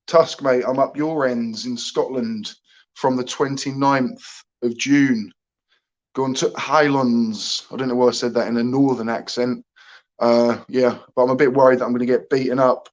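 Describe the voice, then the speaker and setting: A man from England hosting a casual livestream, chatting, joking and greeting viewers by name. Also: mid-range voice. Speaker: livestream host.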